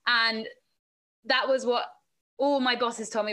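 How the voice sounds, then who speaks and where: A woman's voice: a little high, flat delivery, moderate pace, bright, forceful tone. A woman presenter and reporter, a guest on a podcast, talking casually about her work, laughing often and acting out what others said. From England. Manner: chatty, laughs often, acts out quoted voices. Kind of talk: casual interview answers.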